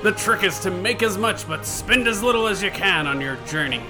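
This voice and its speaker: A man putting on a pirate voice to read a game description with theatrical, drawn-out delivery. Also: high voice, lively intonation, over music, pitched above the performer's own voice, poor audio. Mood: swaggering.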